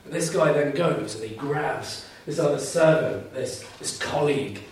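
A man's voice: medium pitch, expressive, unhurried, slight background noise. Man preaching in a very echoey hall. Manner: earnest, emphatic, repeats key phrases. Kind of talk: sermon. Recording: very echoey room, mic at a distance.

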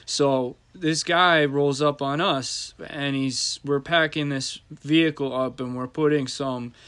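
A man's voice: medium pitch, steady tone, slow pace, a bit bright, clean tone. A man, hosting a podcast and telling a heated, profane story in casual talk. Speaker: podcast host.

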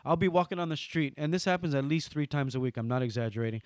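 A man with a Hawaiian accent, a guest in an interview, who tells stories animatedly and swings from loud bursts to soft asides. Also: on the high side, quick pace, dry recording, studio quality. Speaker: guest entertainer. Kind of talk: storytelling interview.

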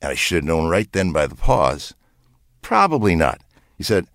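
A man who directed a television broadcast, telling an anecdote in an animated way and acting out both sides of a conversation. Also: low voice, normal speed, long pauses, no room sound, clean studio sound. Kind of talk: anecdotal storytelling.

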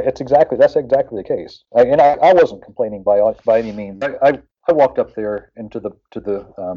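A man's voice: on the low side, breathy edge, lo-fi sound. A man from West Virginia chatting casually on a radio show, rambling with lots of fillers and restarts.

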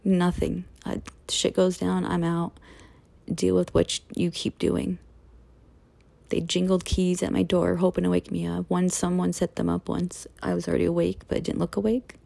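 A woman's voice: lowish voice, monotone, moderate pace, vocal fry, mellow. A woman telling her own story in a rambling personal monologue, upset, swearing and restarting her sentences.

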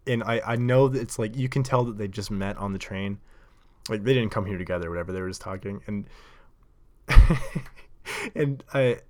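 A man's voice: on the low side, normal speed, long pauses, darkish tone. A man hosting a podcast, telling a casual story in a rambling, filler-heavy way and laughing often. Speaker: podcast host.

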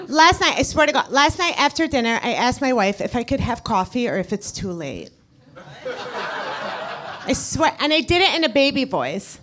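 A woman's voice: a little high, very animated, measured pace, pauses often, noisy background. A woman for whom English is not a first language, telling self-mocking stories in a live comedy double act on a stage mic. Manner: self-mocking, punchy storytelling. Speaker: stand-up comedian.

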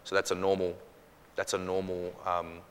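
A man, a pastor, answering questions from his congregation in a casual, animated way, acting out little quoted exchanges. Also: deep voice, moderate pace, smooth, big-room sound. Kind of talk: church Q&A teaching.

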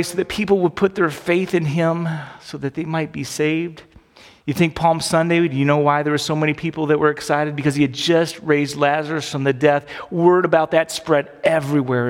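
A male pastor preaching a sermon, telling a Bible story with acted-out quotes and building to emphatic peaks. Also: mid-range voice. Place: church sanctuary. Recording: long reverb of a church hall.

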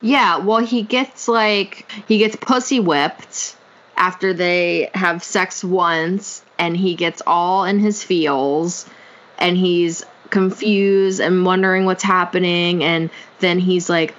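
Slow-talking hesitant woman. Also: on the low side, fairly bright tone, highs cut off. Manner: hesitant, with many fillers. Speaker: podcast co-host. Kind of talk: casual chat.

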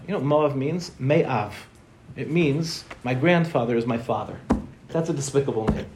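Lively man teaching a Torah class. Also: mid-range voice, noisy background. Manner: quick, joking, asks rhetorical questions.

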